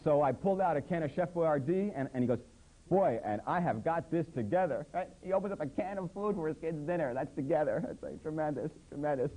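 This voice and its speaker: A man's voice: fairly high pitch, fast talker, hardly any pauses, warm tone, low-quality recording. A man hosting a satirical public access show, mocking commercials with an incredulous, sarcastic tone. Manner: sarcastic, incredulous, quoting ads in mock voices. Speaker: comedy host. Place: public access TV studio under hot lights.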